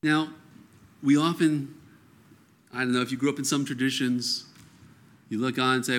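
Male preacher, mid-pitched, earnest conversational sermon style with animated quoted lines. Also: moderate pace, pauses often. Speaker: pastor.

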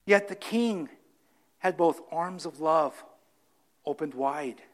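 Fervent male pastor, fairly high voice. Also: takes it slowly. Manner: fervent, pleading, voice dropping low in prayer. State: losing his voice. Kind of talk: sermon and closing prayer.

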